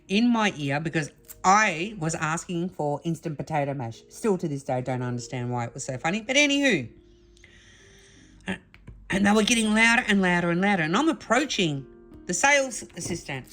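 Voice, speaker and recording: A middle-aged woman hosting a craft vlog, telling a funny story to camera in a chatty, laughing way. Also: fairly low pitch. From Australia. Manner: chatty, laughing, animated retelling. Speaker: craft channel host.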